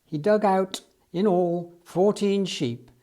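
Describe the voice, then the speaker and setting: A man reading a children's storybook aloud in an expressive storytelling manner. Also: high voice, takes it slowly. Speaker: storybook reader.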